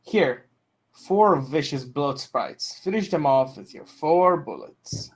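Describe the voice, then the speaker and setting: A man reading a fan story, voicing a calm, wry veteran mare who speaks low, quiet and unhurried. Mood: instructing. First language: Russian.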